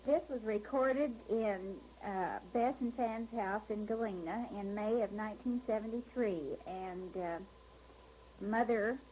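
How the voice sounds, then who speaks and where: A woman's voice: medium pitch, measured pace. Woman interviewer on a hissy tape. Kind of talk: casual chat and spoken tape note. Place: living room of a home. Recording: hissy 1970s home tape.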